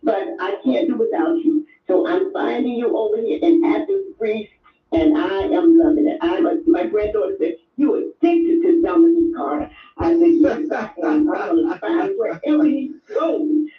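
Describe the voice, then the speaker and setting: A woman's voice: high voice, lively intonation, moderate pace, recorded from a distance, faint music behind. An older woman calling in to a show, talking with effusive emotion and repeating herself. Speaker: caller. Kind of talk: call-in chat. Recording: echoey tinny phone line.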